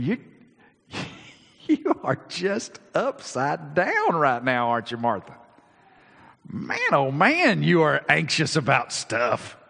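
A male preacher voicing a gentle, compassionate male teacher who speaks softly and tenderly. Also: fairly high pitch, gravelly, breathy edge, full character voice. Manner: soft, tender, hushed. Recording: long reverb.

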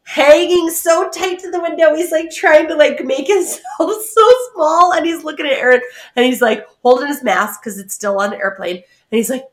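A woman co-hosting a podcast in casual chat, an animated storyteller who laughs often. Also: high-pitched, normal speed, hardly any pauses. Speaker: podcast co-host. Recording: roomy echo.

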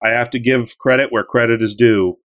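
A man chatting casually on a gaming podcast, retelling a story with animated, joking energy. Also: medium pitch, fairly quick. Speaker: podcast co-host recapping a game.

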